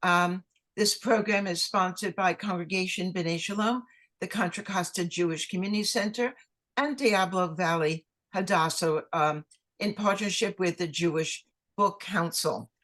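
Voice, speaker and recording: Halting woman host on a video call. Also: lowish voice, fairly bright tone. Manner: halting, many fillers and self-corrections. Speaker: event host. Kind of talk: program introduction.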